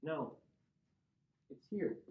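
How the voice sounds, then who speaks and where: Man, Midwestern accent, classroom lecture, checks in with students, echoey room. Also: very slow. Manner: explains step by step, checks in with students. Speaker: chemistry teacher. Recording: roomy, dull lo-fi classroom recording.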